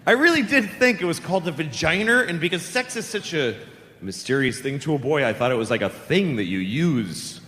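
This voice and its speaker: A man in his fifties from Boston doing stand-up, deadpan storytelling with mocking voices. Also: on the high side, a little fast, big-room sound, a little hiss or hum. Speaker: stand-up comedian. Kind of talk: stand-up routine and casual chat.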